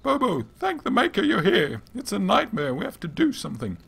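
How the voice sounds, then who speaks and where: A slightly hoarse man voicing a frightened young male village apprentice, breathless and pleading. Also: fairly low pitch, animated, brisk, darkish tone. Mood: panicked.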